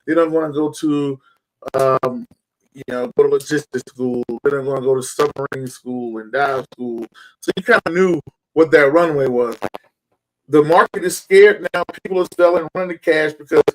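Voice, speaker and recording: A man hosting a casual interview, relaxed and rambling with many fillers. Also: a little high, normal speed, poor audio. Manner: relaxed, rambling, uses fillers like you know. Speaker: show host.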